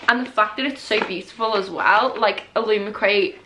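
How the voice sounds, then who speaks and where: A young woman chatting casually in a book unboxing vlog, excitable and gushing, often laughing as she talks. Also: mid-range voice, normal speed, noisy background. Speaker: book vlogger. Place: indoors at home, rain outside.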